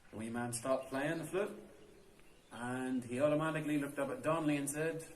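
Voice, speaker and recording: A man's voice: medium pitch, fairly even intonation, brisk, a little hiss or hum. A man telling a folk tale in a chatty, unscripted way, inside a stone cave tomb. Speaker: storyteller. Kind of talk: oral folk storytelling. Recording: roomy cave echo.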